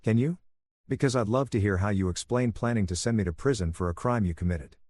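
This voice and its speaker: A man's voice: fairly low pitch, a little fast, lightly acted. A man reading as a cold vengeful husband. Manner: calm, controlled, menacing.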